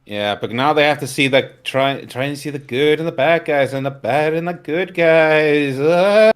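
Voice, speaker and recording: A man's voice: a little high, normal speed, clean tone. A tipsy man joining a livestream as a guest, crude and joking in casual chat.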